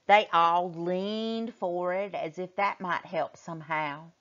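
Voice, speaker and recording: A woman teacher reading a chapter book aloud to children, expressively, and pausing to ask them questions. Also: lowish voice, fairly even intonation, fairly bright tone. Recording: muffled lo-fi recording.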